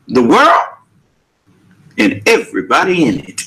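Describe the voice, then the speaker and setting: A man with a high, sing-song voice preaches a sermon at a measured pace, his tone a bit bright over a rough recording. He fires off emphatic rhetorical questions in casual vernacular Southern US Black English.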